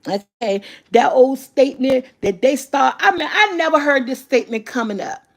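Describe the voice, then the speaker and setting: A vlogger in her fifties speaks straight to viewers in a casual motivational video, candid and emphatic, swearing freely as she makes her points. Her slightly high, gravelly voice is expressive and moves at a moderate pace.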